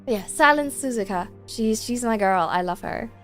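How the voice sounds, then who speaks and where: A woman's voice: on the high side, lively intonation, moderate pace, soft background music. A young woman streaming games, chatting casually and gushing to her chat with giggles.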